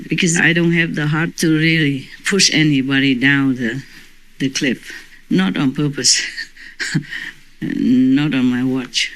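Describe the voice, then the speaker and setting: A woman's voice: low voice, pushed and bright, poor audio. A woman spiritual teacher talking informally to her disciples, chatty and often breaking into laughter.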